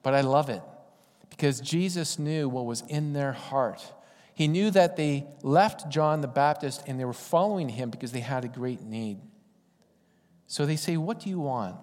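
A man's voice: medium pitch, normal speed, darkish tone. A man preaching a sermon in a conversational, folksy storytelling way. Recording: long hall reverb.

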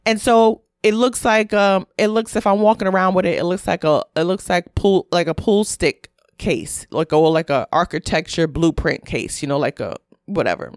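A woman's voice: fairly low pitch, normal speed, few pauses, dry recording, clean studio sound. A woman telling a story in a casual monologue, candid and profane, full of "like" and asides. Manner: candid, profane, heavy use of "like".

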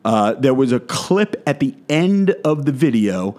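A man's voice: medium pitch, very animated, a little slow, a little mellow. Man ranting with heavy profanity. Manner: profane, blunt, aggressive. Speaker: fitness content creator. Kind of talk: ranting vlog monologue.

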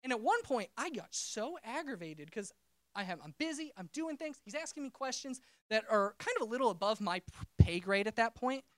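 A man's voice: extremely high pitch, big pitch swings, brisk, no room sound. A man preaching a personal testimony, telling a story in a casual, conversational way and often breaking off and restarting his sentences. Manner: conversational storytelling, self-interrupting.

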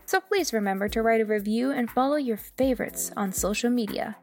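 A woman host reading scripted podcast announcements in a bright, promotional way. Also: on the high side, fairly quick, faint music behind.

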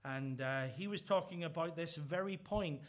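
A middle-aged man delivers a sermon in a slightly high voice. He speaks earnestly and builds to emphatic, repeated phrases. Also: normal speed. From Northern Ireland. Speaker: preacher.

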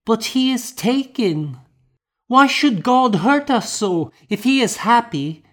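A man's voice: expressive, takes it slowly, fairly bright tone, heavily acted. A man voicing a grieving, bewildered little girl in an audiobook reading. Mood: anguished. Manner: high, strained, pleading child voice.

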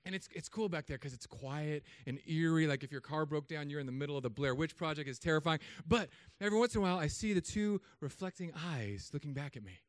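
Animated joking pastor, high clear voice. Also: male voice, quick pace, few pauses, no room sound. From Southern California. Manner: jokey, animated storytelling with put-on voices. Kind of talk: humorous sermon.

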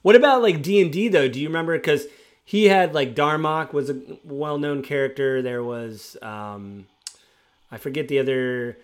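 A man's voice: on the high side, moderate pace, clear, resonant tone. Male former game master, casual storyteller, acts out quotes. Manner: animated retelling, acts out players' quotes.

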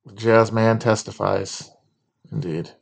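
A man hosting a casual livestream chat, talking slowly with many fillers and restarts. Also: on the low side, fairly even intonation, gravelly, husky. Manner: sings a song loosely at the start. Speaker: livestream host.

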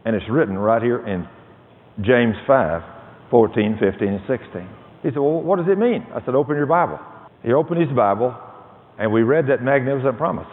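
A man's voice: mid-range voice, lively intonation, fairly quick. A man preaching a testimony sermon, telling a story with dramatic quoted dialogue. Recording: tinny phone-like audio with long reverb.

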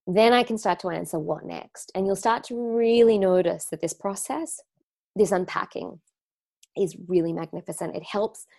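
A wellness teacher with an Australian accent addresses students in a live online talk, her fairly low voice creaky and a little mellow. She's reflective and chatty, using many fillers and often restarting sentences.

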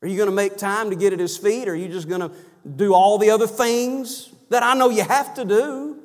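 A preacher with a high voice delivers a sermon in a church, and long reverb trails his words. He swings between loud, emphatic cries and low, soft asides. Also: fairly even intonation, brisk. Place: church sanctuary.

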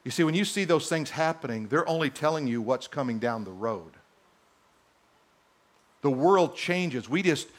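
A man preaching a sermon, emphatic and repetitive, firing rhetorical questions at his listeners. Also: mid-range voice.

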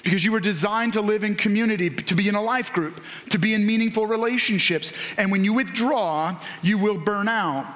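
A male pastor with a high voice preaches with animated energy. He acts out the voices of the people he quotes and rises now and then to a shout. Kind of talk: sermon.

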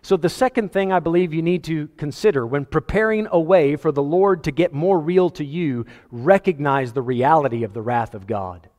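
A man's voice: fairly high pitch, moderate pace, hardly any pauses. Preaching man in a reverberant hall. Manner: animated preaching with quoted voices and laughs. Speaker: pastor. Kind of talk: sermon. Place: church sanctuary.

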